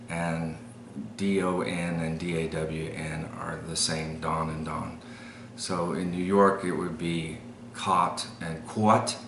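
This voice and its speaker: A man's voice: low-pitched, bright, forceful tone, slight background noise. A man from El Paso with an El Paso accent, reading accent-tag questions and explaining his accent in a matter-of-fact way. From El Paso, Texas. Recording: roomy echo.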